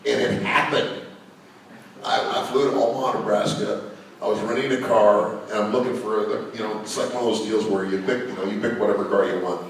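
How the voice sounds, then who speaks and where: A man's voice: lowish voice, fairly even intonation, a little fast, vocal fry, a little hiss or hum. An older man telling anecdotes to a live audience, in a chatty storytelling way with many fillers. He is recorded from a distance in a large hall with an audience. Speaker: guest speaker. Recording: echoey hall, mic from far off.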